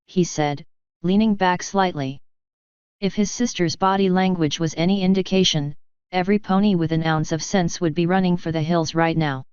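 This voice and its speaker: A woman reading a fanfiction story aloud in a steady, even narrating voice. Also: on the low side, moderate pace, clear, resonant tone, no room sound, lo-fi sound. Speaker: fanfiction reader. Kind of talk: audiobook narration.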